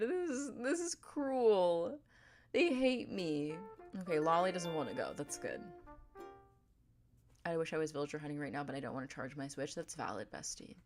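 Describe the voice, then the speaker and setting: Low-voiced streamer woman, dramatic and chatty. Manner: dramatic mock outrage, chatty with viewers. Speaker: game streamer. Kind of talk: casual livestream chat.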